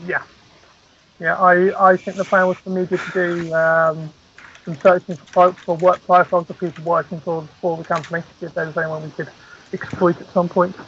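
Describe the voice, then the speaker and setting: A man's voice: sits high, level tone, moderate pace, fairly bright tone, highs cut off, a little hiss or hum. A man casually chatting as a player in an online tabletop game, hesitant and repeating himself.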